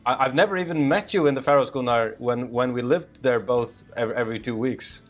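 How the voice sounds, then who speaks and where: A man's voice: medium pitch, brisk. Male podcast host, casual, loose and giggly, restarts a lot; faint music bed. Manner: laughs often, restarts with fillers. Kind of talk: casual chat.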